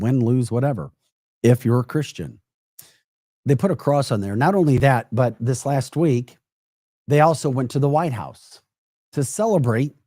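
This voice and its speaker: A man's voice: medium pitch, mellow, dry recording, clean studio sound. A man hosting a live political podcast, emphatic and mocking, often breaking into laughter while reacting to chat comments. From United States. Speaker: podcast host.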